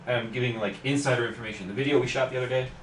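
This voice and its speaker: A man's voice: medium pitch, rapid-fire. Guy chatting on a live stream while he works on a pc, joking around, far from the mic, echoey and noisy. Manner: relaxed, joking, talks while working on a PC. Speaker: tech YouTuber host. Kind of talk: casual live stream chat while working. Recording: echoey room, distant mic, background noise.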